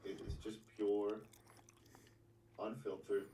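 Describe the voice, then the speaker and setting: A man's voice: on the low side, level tone, takes it slowly, warm tone. A man joining a livestream as a guest trader, stumbling over words and often half-whispering. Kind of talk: casual livestream chat. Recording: roomy, distant mic, faint noise.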